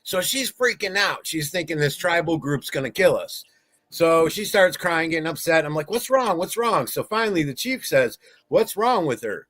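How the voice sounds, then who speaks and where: A man hosting a podcast tells stories with animated excitement in a slightly raised voice. The sound is dry and close-miked. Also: on the high side, normal speed, dry recording. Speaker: podcast host. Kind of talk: casual podcast chat.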